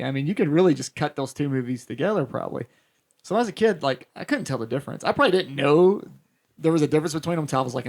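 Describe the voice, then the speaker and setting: Gravelly, animated podcast guy. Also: medium pitch. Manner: animated, profane storyteller who acts out quotes. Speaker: podcast co-host. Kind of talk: casual chat.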